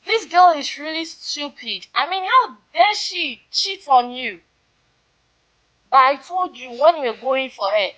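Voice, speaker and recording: A woman's voice: high-pitched, lively intonation, unhurried, pushed and bright, heavily acted, rough recording. A coaxing young female friend. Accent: Ghanaian. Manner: coaxing, soothing. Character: scheming young woman comforting her male friend.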